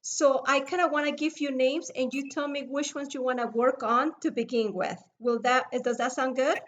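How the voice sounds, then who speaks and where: A woman's voice: high voice, fairly even intonation, moderate pace, a bit bright, dull audio. A middle-aged woman with a foreign accent, patiently teaching oil mixing over a video call. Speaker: essential oil mixing instructor.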